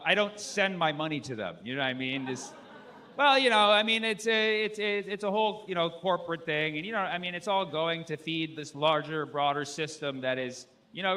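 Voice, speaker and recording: A man performing a stand-up set, rambling loosely and acting out other people with loud shouted bursts. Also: a little high, a little hiss or hum. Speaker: stand-up comedian. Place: comedy stage.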